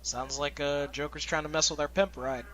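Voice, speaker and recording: A man's voice: on the high side, steady tone, moderate pace, a bit bright. A young man hosting a let's play, chatting casually and laughing often as he plays. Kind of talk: casual gameplay commentary.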